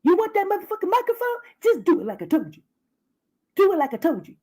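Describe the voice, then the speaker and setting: A woman's voice: extremely high pitch, very animated, quick pace, darkish tone, voice pushed up. A woman putting on a brash, scheming female gossip host who gives profane orders over and over. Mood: bossy scheming. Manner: bossy, profane, repetitive ordering.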